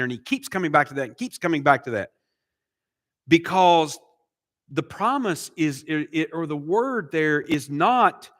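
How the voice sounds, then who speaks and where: A man's voice: a little high, expressive, normal speed, fairly bright tone. A middle-aged man preaching an expository sermon as pastor, asking rhetorical questions and repeating key phrases for emphasis. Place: church sanctuary.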